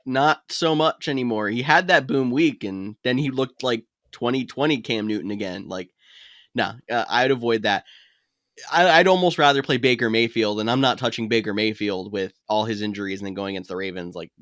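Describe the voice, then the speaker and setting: A man's voice: mid-range voice, fairly bright tone, no room sound, clean studio sound. Chatty man giving fantasy advice. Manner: quick, chatty, laughs easily. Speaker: podcast co-host. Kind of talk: casual fantasy football chat.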